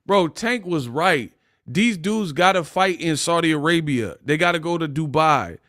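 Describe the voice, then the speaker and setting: A man's voice: on the high side, moderate pace, no echo, clean studio sound. Laughing, trash-talking man on a livestream. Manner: animated, laughing, trash-talking chat readers. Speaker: boxing livestream host. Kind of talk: casual livestream commentary.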